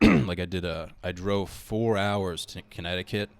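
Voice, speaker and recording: A man's voice: deep voice, unhurried, gravelly, clear, resonant tone. A young man, a stand-up comic guest on a casual podcast, talking in a laid-back, mumbly way. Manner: laid-back, mumbly, says "dude" often. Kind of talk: casual comedy podcast chat.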